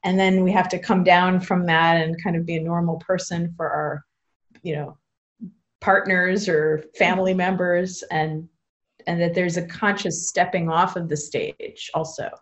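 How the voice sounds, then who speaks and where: A woman's voice: fairly low pitch, level tone, unhurried, muffled recording. A woman who teaches belly dance, talking with a podcast host in casual, chatty conversation over a video call, with many fillers and frequent laughs.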